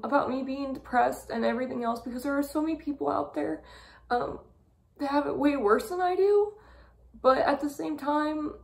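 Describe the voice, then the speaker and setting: A young woman talking through a personal month-review vlog, halting and full of fillers, fighting back tears. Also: high-pitched, creaky. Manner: halting, with many fillers and pauses. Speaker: vlogger.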